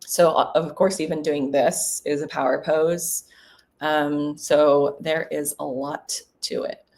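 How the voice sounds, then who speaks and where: A woman real estate broker chatting casually in a vlog between cold calls, relaxed and full of ums. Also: low-pitched, takes it slowly.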